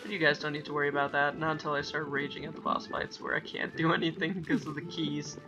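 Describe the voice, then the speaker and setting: Talking fast in a flat, fairly high voice, a young let's-play gamer rambles over his gameplay and often stops to correct himself mid-sentence. He reads game dialogue aloud in playful voices. The audio is from a dull lo-fi mic with faint game music behind him.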